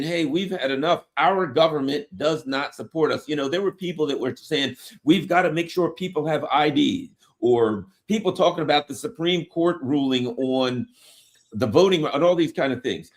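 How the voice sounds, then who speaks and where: A man hosting a political talk show, talking conversationally and walking through numbers. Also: fairly high pitch.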